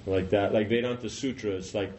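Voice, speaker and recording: A man's voice: on the low side, fairly even intonation, brisk, darkish tone, slight background noise, poor audio. A man teaching an informal class, rambling and conversational, often saying "you know".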